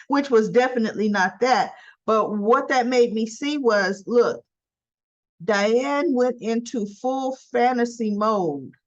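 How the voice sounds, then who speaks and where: A woman's voice: on the high side, dull audio. A woman recapping a soap opera in a chatty, folksy way, full of playful exclamations. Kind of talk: casual chat recap.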